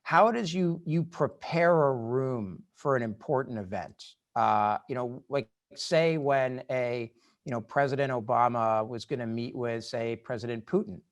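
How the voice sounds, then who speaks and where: Brief: male moderator, mid-pitched, hesitant and filler-heavy delivery over a video call. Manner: halting, many fillers. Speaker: event moderator.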